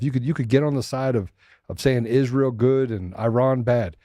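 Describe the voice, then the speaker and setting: Dark-voiced man ranting as show host. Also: mid-range voice, a little fast, no room sound, clean studio sound. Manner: ranting, mocking asides. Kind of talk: political commentary show.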